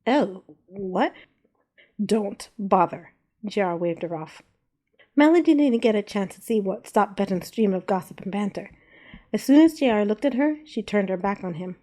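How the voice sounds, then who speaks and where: A woman narrating a story aloud in a measured, even reading. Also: medium pitch.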